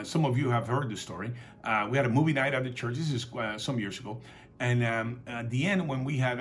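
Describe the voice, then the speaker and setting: A man's voice: mid-range voice, fairly bright tone, slight background noise. Male pastor telling a sermon story. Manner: conversational storytelling, acting out quoted dialogue; calls for audience responses. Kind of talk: preaching a sermon with stories.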